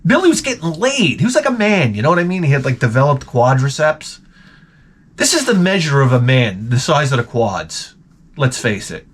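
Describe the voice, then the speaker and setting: A man's voice: medium pitch, very animated, moderate pace, slightly rough. Crude, rambling male storyteller. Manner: crude, rambling, laughs often, acts out quotes. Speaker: vlogger. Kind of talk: profane comic storytelling.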